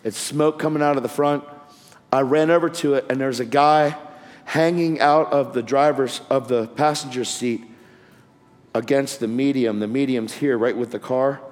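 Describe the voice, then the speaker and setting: A man's voice: mid-range voice, fairly even intonation, moderate pace. A man preaching a testimony sermon with fervor and casual slang, calling people "man" and "bro". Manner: fervent, street-casual slang. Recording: long hall reverb.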